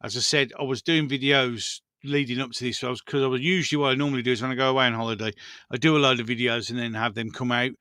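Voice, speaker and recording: Brummie host in his fifties, candid and chatty, crisp forward voice, no room echo. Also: medium pitch, steady tone, fast talker, bright, forceful tone, studio quality. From Birmingham, England. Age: 50s. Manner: chatty, rambling, frank, swears casually. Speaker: channel host. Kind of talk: casual live-stream chat.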